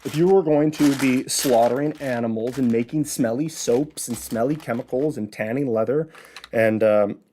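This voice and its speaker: A man's voice: mid-range voice, moderate pace, dark tone, a little hiss or hum. Man from Illinois with a Chicago accent, solo show host, casual and talkative, explains through rhetorical questions. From Midwest, Illinois. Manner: chatty, asks and answers his own rhetorical questions. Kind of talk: casual educational monologue.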